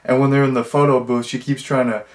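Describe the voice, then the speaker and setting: A man's voice: medium pitch, flat delivery, fast talker. A young adult man giving a casual, rambling movie review, amused and chatty.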